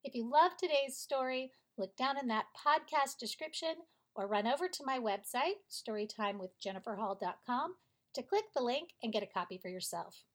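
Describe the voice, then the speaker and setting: A woman reading a bedtime story aloud as a podcast storyteller, gentle and soothing. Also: a little high, expressive, fairly quick.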